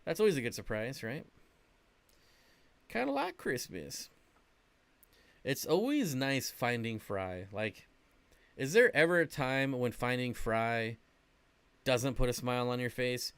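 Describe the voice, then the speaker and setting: A man's voice: mid-range voice, lively intonation, unhurried, smooth, no room sound. Casual chatty man on a livestream. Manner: rambling, chatty, reading and answering chat. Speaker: aquarium channel host.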